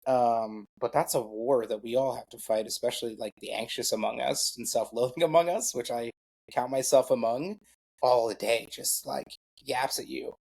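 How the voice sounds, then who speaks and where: Speaking at a normal pace, this middle-aged podcast guest has a gravelly, mid-range voice with a steady, darkish tone. He wanders casually through sports talk, leaning on fillers and poking fun at himself along the way.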